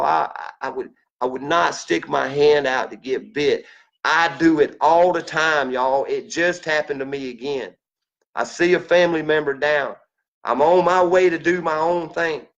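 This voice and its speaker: Man vlogging, gravelly, slightly high voice, preachy and heartfelt, muffled lo-fi sound. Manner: earnest, folksy, preachy, repetitive. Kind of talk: emotional personal monologue.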